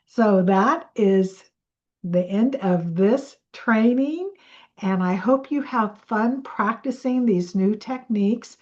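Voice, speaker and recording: A woman coach leading a slow guided breathing and affirmation exercise in a soothing way. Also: medium pitch, muffled recording. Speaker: manifestation coach.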